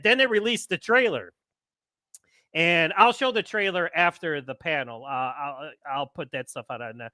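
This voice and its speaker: A man hosting a live podcast stream, chatting casually and rambling excitedly with lots of fillers. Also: high-pitched, smooth, no echo. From United States. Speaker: podcast host.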